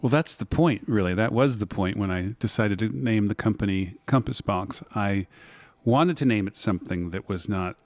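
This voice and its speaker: A man's voice: on the low side, normal speed, a little mellow, no room sound. A middle-aged American man telling his story as an interview guest, reflective and prone to restarts. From United States. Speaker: guest, whisky maker. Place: blending room in an office.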